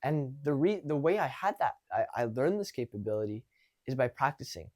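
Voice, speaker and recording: A man talks straight to camera as a confidence coach, loose and conversational, often restarting his sentences. His voice sits at an ordinary middle pitch. He gets animated when he acts out little example conversations. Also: a little fast. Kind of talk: casual advice to camera.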